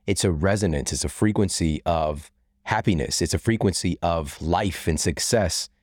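Deep-voiced man hosting a podcast. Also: moderate pace, dry recording, clean studio sound. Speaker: podcast host. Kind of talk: podcast interview.

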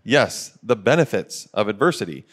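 A man's voice: fairly low pitch, big pitch swings, normal speed, fairly bright tone. A man in his forties co-hosting a podcast from a studio, talking in an earnest, coach-like way with frequent fillers. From Ohio, USA. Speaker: podcast co-host. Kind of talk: casual motivational podcast talk.

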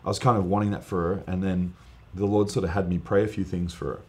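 A man, a guest preacher, telling an earnest, animated testimony story in casual podcast chat, with lots of fillers. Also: sits low, fast.

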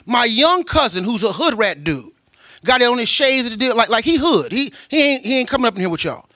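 A man preaching a sermon as a pastor, telling personal stories in a colloquial way, with delivery that swings from loud and emphatic to quiet and tender. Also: very high voice, sing-song, brisk, no echo, clean studio sound. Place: church.

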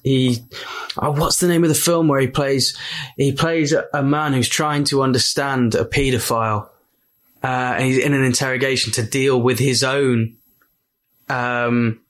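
Bloke rambling about films with friends, pretty animated. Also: male voice, medium pitch, a little slow. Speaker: film podcast panelist. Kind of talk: casual film discussion.

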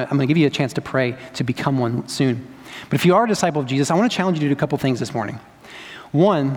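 A man's voice: on the high side, a little mellow. A young adult man preaching a sermon to his church, earnest and conversational, pushing up on the points he stresses. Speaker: pastor. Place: church sanctuary. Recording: long church hall reverb.

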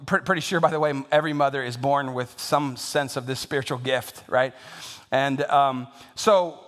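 A middle-aged man preaching a Mother's Day sermon in a self-deprecating, joking way, halting often with fillers. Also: medium pitch, fairly bright tone, big-room sound. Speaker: pastor.

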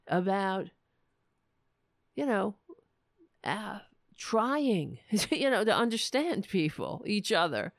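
A woman's voice: mid-range voice, sing-song, takes it slowly, pauses often, no echo, clean studio sound. A woman hosting a political livestream, ranting sarcastically with plenty of profanity and answering viewers' chat messages. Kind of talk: casual livestream commentary.

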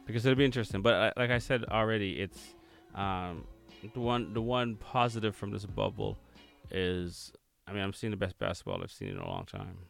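A man's voice: fairly low pitch, sing-song, brisk, vocal fry, hardly any pauses, soft background music. A man hosting a radio show, chatting casually about sports with lots of ums and restarts.

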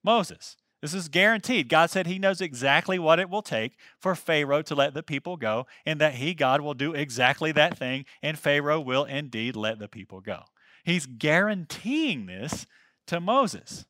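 A man's voice: on the high side, lively intonation, normal speed, pushed and bright, no echo, clean studio sound. A man preaching a sermon, reading scripture aloud and breaking in with emphatic comments to his listeners. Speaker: pastor.

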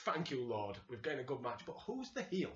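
A man with a Yorkshire accent chatting as a podcast co-host, animated, laughing often and acting out quotes. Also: mid-range voice, brisk. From England. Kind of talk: casual chat reviewing wrestling. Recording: roomy, slightly dull sound.

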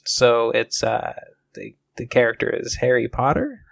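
Man, gravelly fry in the voice, dry close sound, laid-back podcast chat. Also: medium pitch, unhurried, no echo. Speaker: podcast co-host. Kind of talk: casual improvised comedy chat.

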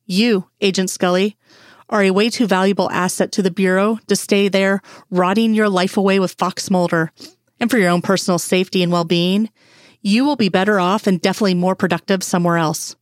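A woman's voice: mid-range voice, fairly even intonation, a little fast, dry recording, clean studio sound, lightly acted. A woman reading a stern, sneering male bureau chief. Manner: cold, clipped, condescending. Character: stern male FBI assistant director, sneering.

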